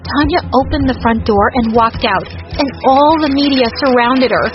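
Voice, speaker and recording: A woman with a high voice tells a first-person storytime in a dramatic, exclaiming way. The sound is muffled and lo-fi, with clear music playing under her. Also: normal speed. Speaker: storytime narrator. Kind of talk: scripted first-person narration.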